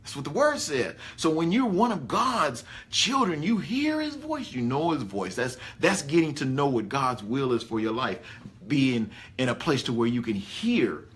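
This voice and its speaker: A man preaching a conversational sermon, animated and folksy. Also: medium pitch, normal speed. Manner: animated, folksy, rising excitedly on key points. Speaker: pastor.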